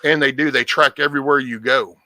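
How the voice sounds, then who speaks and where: A man's voice: mid-range voice, steady tone, quick pace, bright, forceful tone, no echo, rough recording. A man hosting a casual podcast chat, talking bluntly and profanely, rambling and restarting his sentences.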